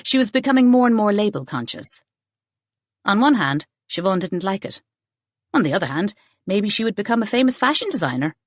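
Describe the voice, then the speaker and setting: A woman narrating a mystery novel audiobook in an expressive storytelling manner. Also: medium pitch, fairly quick, dry recording. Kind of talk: scripted narration.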